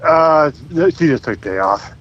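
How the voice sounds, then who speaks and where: A man calling in to a podcast, chatting in a relaxed, self-mocking way. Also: a little high, moderate pace. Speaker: phone-in guest. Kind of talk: casual phone chat. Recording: tinny phone line with faint hiss.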